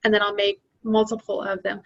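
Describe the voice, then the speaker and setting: A woman's voice: medium pitch, completely flat delivery, fairly quick, highs cut off. A woman who sells handmade crafts, talking about her work time in a hesitant way, thinking aloud with ums. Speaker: craft seller being coached. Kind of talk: casual conversation.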